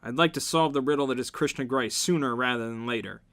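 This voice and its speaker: Guy doing a sarcastic reading of a novel, mocking asides, bright sharp voice. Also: medium pitch, quick pace. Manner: sarcastic, jumps to loud mocking outbursts. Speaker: reader, channel host.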